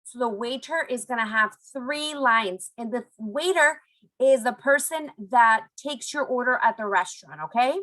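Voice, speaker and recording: A woman teaching Spanish phrases to young students in a recorded online lesson, encouraging them and modelling phrases slowly. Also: fairly high pitch, sharp tone, low-quality recording.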